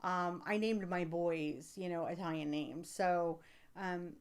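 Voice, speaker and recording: An American woman with a somewhat low-pitched voice chats with her live-stream viewers as a psychic reader. She rambles in a loose, casual way, dotted with fillers, and she gets emphatic when something excites her. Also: slow, smooth. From United States. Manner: chatty and rambling, with many fillers. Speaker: livestream host and psychic reader. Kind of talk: casual livestream chat, answering viewer comments.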